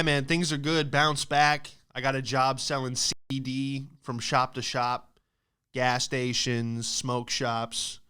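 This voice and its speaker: A man's voice: medium pitch, fairly bright tone, smooth. A young man hosting his own show, rambling through self-deprecating comic stories and acting out the people in them. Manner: rambling, self-deprecating, acts out quoted voices. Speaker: podcast host. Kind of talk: comedic storytelling monologue.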